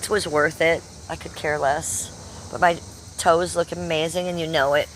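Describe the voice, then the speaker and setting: A woman in her fifties talks to her live-stream chat in a brash, salty way, answering viewers by name. Her voice sits a touch low. A faint hum of noise runs under it. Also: fairly even intonation, moderate pace. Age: 50s. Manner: brash, chatty, reads out chat. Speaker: livestreamer.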